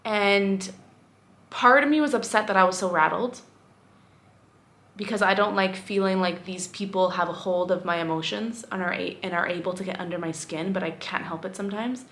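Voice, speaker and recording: A woman's voice: medium pitch, normal speed, a bit bright. Candid, rambling young woman vlogger. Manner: candid, rambling, self-reflective, with frequent fillers. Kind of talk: casual talking-head vlog.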